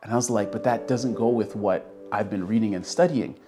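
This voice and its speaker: Young man, casual storytelling, lowish voice, acts out quoted voices, soft guitar behind. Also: a little fast. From Canada. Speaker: guest telling his story.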